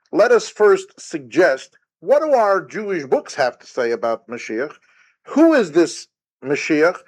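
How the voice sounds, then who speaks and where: A man, a rabbi, giving a recorded Torah lecture, emphatic and full of rhetorical questions. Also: high voice. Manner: retells Talmud story with quoted sage dialogue.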